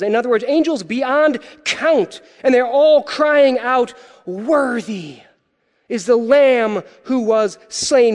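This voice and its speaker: High-voiced man preaching in a reverberant hall. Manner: animated, playful asides, swings from loud to hushed. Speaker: pastor. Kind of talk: sermon. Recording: long reverb of a large hall.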